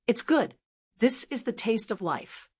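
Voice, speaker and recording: A woman voicing a gentle, grateful young male cyborg in an audiobook, speaking softly and hesitantly. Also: fairly high pitch, lively intonation, measured pace, breathy edge. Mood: tender. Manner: soft, hesitant.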